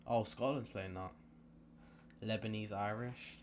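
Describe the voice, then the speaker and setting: A man's voice: on the low side, moderate pace, slight background noise. Rambling young man hosting a live watch-along. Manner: chatty and rambling, repeats himself. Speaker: live stream host.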